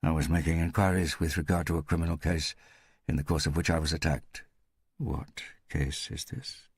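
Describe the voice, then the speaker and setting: A man's voice: a bass voice, steady tone, normal speed, slightly rough, dry recording, studio quality, heavily acted. A man voicing a wary, insistent arrested police captain.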